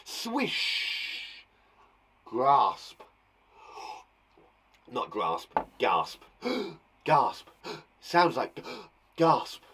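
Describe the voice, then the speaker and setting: A man's voice: mid-range voice, sing-song, extremely slow, pauses often, fairly bright tone, breathy edge. A young British man teaching young children in an online lesson, playful and encouraging, acting out sound words with gasps and laughs. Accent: British English. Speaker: primary school teacher. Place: garden shed classroom.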